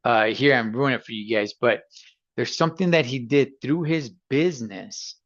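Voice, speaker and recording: A man's voice: medium pitch, expressive, moderate pace, fairly bright tone, no echo, highs cut off. A man giving a casual, loose spoken review, full of fillers and restarts. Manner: loose and chatty, many fillers and restarts, laughs now and then. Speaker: movie reviewer.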